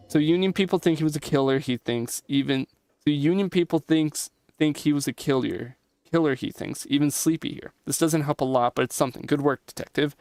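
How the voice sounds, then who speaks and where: A young man streams a game, reading the dialogue aloud and cracking jokes and comments between lines. His mid-range voice has a clear, resonant tone, recorded with clean studio sound and no echo.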